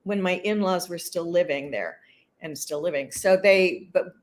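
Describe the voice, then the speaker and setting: A woman's voice: lowish voice, moderate pace. A woman in her sixties from California, an actress being interviewed, chatting and laughing easily while reminiscing. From California, USA. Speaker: actress guest. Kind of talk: casual interview conversation.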